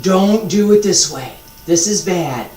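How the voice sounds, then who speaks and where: A martial arts teacher talks a class through stances at an unhurried, deliberate pace, repeating key points and poking fun at himself. He sounds distant from the microphone, with his voice bouncing around an echoey practice room. His pitch sits in a middle range. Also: animated, a little mellow. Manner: slow, patient, repeats key points, self-deprecating humor. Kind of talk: live instruction with demonstration. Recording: echoey room, mic far off.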